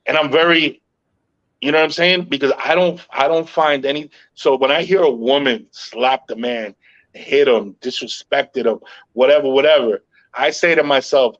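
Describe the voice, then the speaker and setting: Man, middle-aged podcast host, calm even delivery, swears casually, slightly high voice, muffled lo-fi sound. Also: moderate pace. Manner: calm, even-tempered storytelling with frequent "yo" and profanity.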